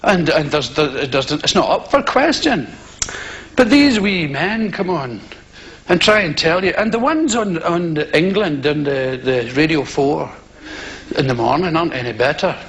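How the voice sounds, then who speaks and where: A man with a Scottish accent doing live stand-up comedy on a theatre stage, telling animated stories with shouted exclamations. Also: on the high side, unhurried. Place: theatre stage before an audience. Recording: live show with loud audience laughter.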